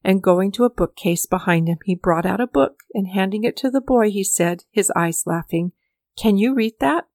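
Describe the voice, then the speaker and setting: A woman telling a storybook tale in a measured, steady way. The recording is dry and close, with no room sound around her voice. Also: medium pitch, no echo. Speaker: reader. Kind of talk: audiobook storytelling.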